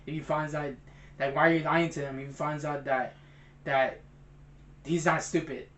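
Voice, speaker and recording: Excited young man, says "bro". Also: on the high side, normal speed, roomy sound. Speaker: movie review co-host. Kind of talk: casual movie chat.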